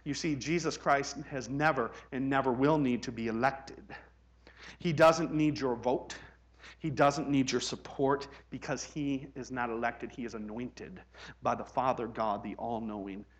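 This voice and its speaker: A man from the United States preaching a sermon in a conversational way, rising to loud, emphatic peaks. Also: medium pitch, fairly even intonation, a little slow. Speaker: pastor.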